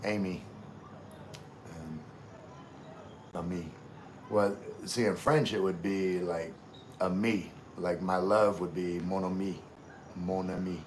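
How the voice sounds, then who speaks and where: A man's voice: low-pitched, steady tone, slow, pauses often, slight background noise. A middle-aged man from Louisiana with a Southern accent, hosting a casual livestream, chatting with viewers in a laid-back, drawling way and greeting them by name. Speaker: livestream host. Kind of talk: casual live chat reading comments.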